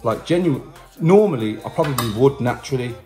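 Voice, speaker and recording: A man's voice: mid-range voice, expressive, a little fast, warm tone, soft background music. A man vlogging to his subscribers, telling a personal story in a chatty, repetitive way with slang asides. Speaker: vlogger and musician. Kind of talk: casual storytelling to camera.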